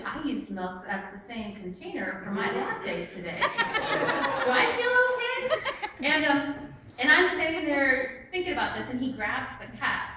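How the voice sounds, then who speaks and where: A woman doing stand-up storytelling in a church hall, animated and self-mocking as she acts out the people in her story. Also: sits high. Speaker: stand-up comic. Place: church hall with a live audience. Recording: echoey room from far off with noise.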